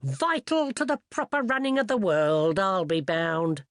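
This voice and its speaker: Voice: mid-range voice, unhurried, no echo, clean studio sound, voice pushed up, lightly acted. A reader voicing a chatty older working-class university handyman who speaks in a folksy, ungrammatical, self-assured way. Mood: knowing.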